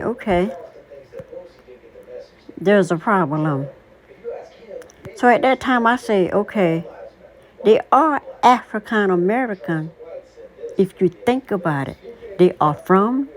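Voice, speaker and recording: Woman, 60s, casual vlog monologue, emphatic, opinionated, very slow. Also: medium pitch. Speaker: vlogger.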